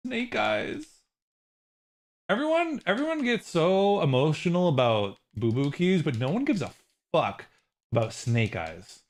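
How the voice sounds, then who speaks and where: A man chatting casually on a game stream, rambling from thought to thought. His voice sits a little high and swings widely, leaping into squealing outbursts and mock outrage, then sinking into low, trailing mumbles. He swears freely. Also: big pitch swings, measured pace. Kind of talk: casual livestream chat while gaming.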